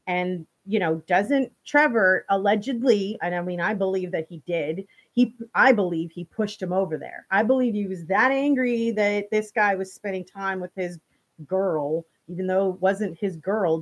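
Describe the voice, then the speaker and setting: Speaking at a moderate pace in a medium-pitched voice, a woman hosting a show retells a true-crime story straight to her viewers. Her casual delivery is full of "you know" and restarts.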